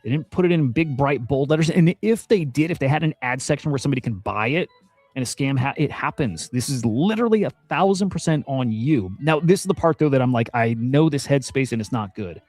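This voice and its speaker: A man's voice: mid-range voice, expressive, brisk, darkish tone, no echo, faint music behind. A man streaming crypto news commentary. He rants bluntly and swears often, repeats himself, and sounds exasperated. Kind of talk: casual ranting commentary.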